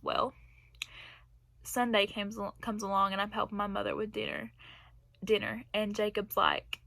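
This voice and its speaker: A woman's voice: medium pitch, monotone, normal speed, creaky, a bit bright. A young woman telling a personal story in a casual vlog, rambling and laughing between phrases. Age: young adult. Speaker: vlogger.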